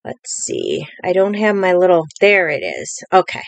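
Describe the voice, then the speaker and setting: A woman's voice: lowish voice, wildly swooping pitch, unhurried, creaky, no echo. A woman hosting a live-streamed craft tutorial from a home craft table, talking in a chatty, rambling way with many fillers. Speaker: craft demonstrator.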